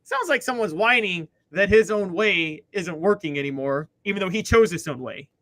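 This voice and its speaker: High-voiced, sarcastic sports co-host. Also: male voice, no echo. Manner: animated, sarcastic, quick to tease. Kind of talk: sports talk show chat.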